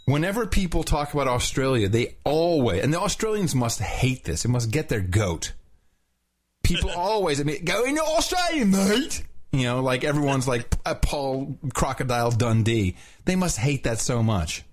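A man co-hosting a podcast in loose, joking talk. His pitch swings widely as he riffs and teases, and he keeps sliding into mock accents. His voice sits at an ordinary middle pitch. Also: moderate pace. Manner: animated, jokey, drifts into mock accents. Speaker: podcast co-host. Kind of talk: casual chat.

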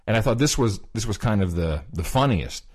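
Man, low voice, podcast co-host, casual storytelling, fillers and restarts. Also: a little fast, breathy edge. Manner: animated retelling, quoting others, many fillers and restarts.

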